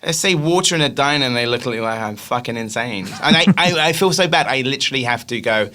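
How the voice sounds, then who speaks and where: A British man guests on a comedy podcast and chats casually. His voice is bright and forward. He tells his stories in an animated, jokey way. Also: medium pitch, fast, few pauses. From England. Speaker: guest filmmaker.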